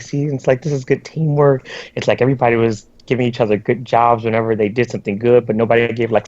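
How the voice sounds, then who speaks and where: A man's voice: medium pitch, a little mellow. A man co-hosting a casual gaming podcast, ranting in an exasperated way and mimicking other players. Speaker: podcast co-host. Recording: dull lo-fi stream audio.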